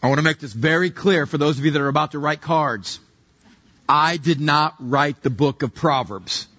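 Brief: male pastor preaching, conversational and wry, fairly high and husky, on a dull recording. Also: normal speed, bright, forceful tone. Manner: conversational, humorous, acts out little scenes. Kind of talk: sermon.

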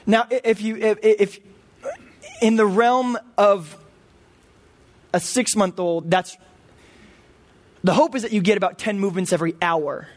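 A man's voice: sits high, fairly even intonation, unhurried, long pauses. A man in his thirties preaching a sermon, earnest and emphatic. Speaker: pastor.

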